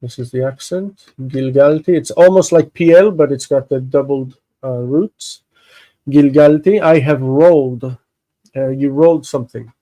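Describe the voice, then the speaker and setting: Slow, stuffy-nosed man teaching. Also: mid-range voice, mellow, dry recording, low-quality recording. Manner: slow, halting, thinking aloud with many fillers. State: congested sinuses. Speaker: Hebrew teacher. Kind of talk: explaining Bible text on a livestream.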